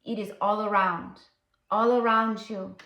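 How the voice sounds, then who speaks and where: A woman voicing a serene, motherly ancient goddess in an imitated African-French accent, speaking slowly and softly. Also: medium pitch, flat delivery, muffled recording, natural voice. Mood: soothing. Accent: mix of African and French, imitated. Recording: roomy echo.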